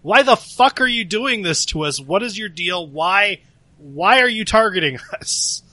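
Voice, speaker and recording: A man's voice: high voice, animated, measured pace, no room sound, pitched above the performer's own voice, full character voice. Man doing a furious young investigator. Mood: angry. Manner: shouting, confrontational questions. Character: angry young male investigator, demanding answers.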